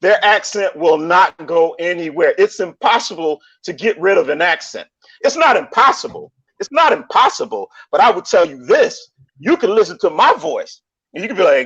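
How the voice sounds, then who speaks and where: A man talking in a casual online debate, animated, often repeating and restarting his phrases. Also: sits high, normal speed, breathy edge. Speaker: panelist in online discussion. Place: lives in Colombia. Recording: dull lo-fi stream audio.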